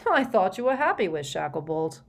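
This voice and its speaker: A man's voice: high-pitched, sing-song, a little slow, pitched above the performer's own voice, heavily acted. A woman doing a cold, curt wizard minister. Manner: curt, cold, matter-of-fact.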